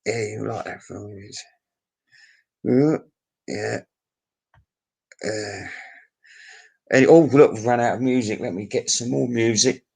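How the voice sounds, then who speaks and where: A man's voice: on the low side, takes it slowly, vocal fry, pauses often, darkish tone, slightly rough, poor audio. A man telling a crude, meandering pub anecdote and chuckling at his own tale. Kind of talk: rambling pub anecdote monologue.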